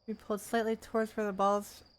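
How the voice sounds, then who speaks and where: A woman's voice: mid-range voice, flat delivery, brisk. A woman streamer giving playful, chatty gameplay commentary and reading in-game text aloud with joking asides.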